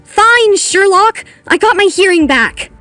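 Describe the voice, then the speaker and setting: Narrator for an animated story, teen schoolgirl, brave and sarcastic, high bright voice, a woman reading. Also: normal speed, dry recording, faint music behind, natural voice. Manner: sarcastic, determined.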